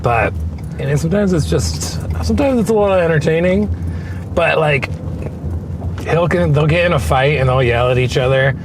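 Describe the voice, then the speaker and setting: A man who does stand-up comedy, talking casually as a guest, with a wry, halting delivery and dry jokes. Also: a little high, expressive, background noise. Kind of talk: casual chat. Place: outdoors on a walk.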